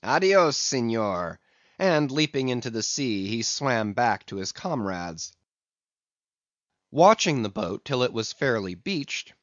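Male audiobook narrator, plain steady reading, dry muffled recording. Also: mid-range voice, no echo. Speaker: audiobook reader. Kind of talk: scripted narration.

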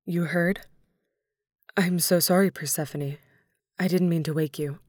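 Woman reading as troubled male underworld god, breathy and subdued, lowish voice, dry sound. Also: steady tone, unhurried, a little mellow, no echo. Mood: anxious tender. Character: huge troubled male god of the dead, tender.

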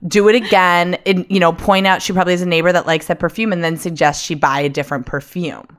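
A woman's voice: lowish voice, fairly even intonation, fast talker. A woman co-hosting an advice podcast in casual chat, rambling and giggly with lots of fillers. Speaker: podcast co-host.

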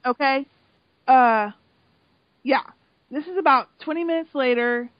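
A podcast co-host recapping a reality show, this woman speaks in a high-pitched voice at a slightly slow pace, telling an emotional story full of feeling and swearing in casual chat. The audio has no room sound but a dull, lo-fi quality.

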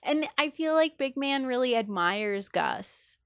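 A woman's voice: sits high, animated, unhurried, a bit bright, clear, resonant tone, no echo, studio quality. A woman in casual podcast chat, talking enthusiastically with lots of fillers and acting out quoted lines. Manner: enthusiastic, filler-heavy, acts out quoted dialogue.

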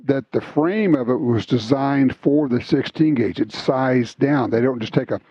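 Husky-voiced chatty male host. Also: medium pitch, unhurried, dry recording. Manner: animated, chatty storyteller. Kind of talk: casual chat, storytelling. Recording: slightly dull lo-fi sound, dry.

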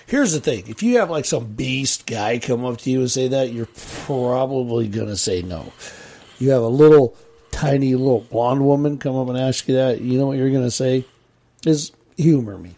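A middle-aged man with a husky, darker tone tells a long story in casual podcast chat. He rambles and circles back, repeating words and quoting others as he goes. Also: medium pitch, dark tone.

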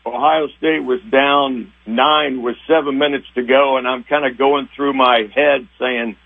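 An older man with a husky voice reminisces about his years covering sports, stopping and restarting as the feelings come up. He sounds thin and tinny, as if he is calling in over a phone line. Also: medium pitch, fairly even intonation. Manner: rambling, halting, sentimental. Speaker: retiring TV sports director, guest. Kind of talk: emotional interview reminiscing.

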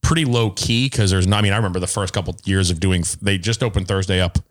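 Fast-talking, low-voiced man. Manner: animated storyteller, acts out quotes, swears freely. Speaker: podcast co-host. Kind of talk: casual chat.

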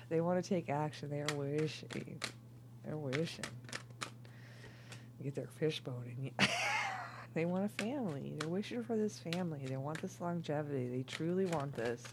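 A woman's voice: sits low, moderate pace, very noisy. Tipsy woman doing a casual tarot reading. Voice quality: loud and laughing, drops to whispers. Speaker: tarot reader.

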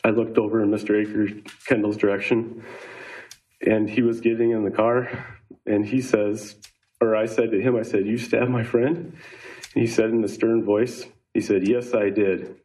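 Shaken man giving halting court testimony. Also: fairly low pitch, little pitch movement, a little mellow, poor audio. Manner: halting, repeats himself, shaken.

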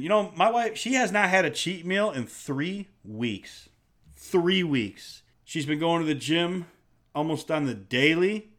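In a medium-pitched, slightly bright voice, a middle-aged man hosting a podcast delivers an exasperated, profanity-heavy rant. He's blunt and casual throughout.

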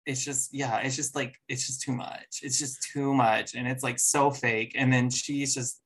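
A man in a casual podcast conversation, sharing frank opinions about a TV show. His voice is mid-pitched and plain. He laughs easily and talks in a loose, conversational way. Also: fairly even intonation, a little slow, fairly bright tone, breathy edge. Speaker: podcast co-host. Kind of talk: casual reality-TV chat.

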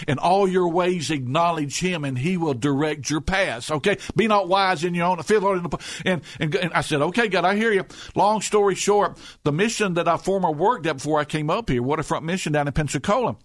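A middle-aged man talks earnestly about his work, his voice sitting somewhat high for a man. He restarts and repeats words often as he tells his stories. The sound is dry and close, with no room around it. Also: no room sound. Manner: earnest storyteller with many restarts and repetitions. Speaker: rescue mission director, guest. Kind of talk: conversational radio interview.

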